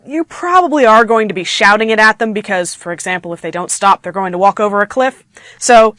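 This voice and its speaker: A woman teaching an online grammar lesson in a playful, animated way, acting out her example sentences. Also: mid-range voice, no echo. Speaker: grammar instructor.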